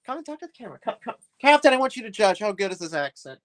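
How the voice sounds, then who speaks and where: Male streamer, rambling, animated delivery. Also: high voice, very fast. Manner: rambling, chatty, complains with a laugh. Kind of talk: live-stream chat while building.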